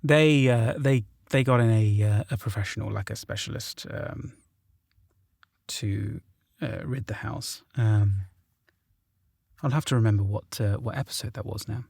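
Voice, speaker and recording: A man's voice: fairly low pitch, a little slow, vocal fry, a little mellow, breathy edge, dry recording, studio quality. A man with a southern English accent, a guest in a casual podcast chat, talking hesitantly with many ums and restarts. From south of England.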